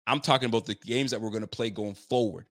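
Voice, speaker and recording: In a fairly low but somewhat bright voice, a man rattles off a quick, frustrated reaction after the game as a fan commentator. He is blunt, repetitive and full of casual slang.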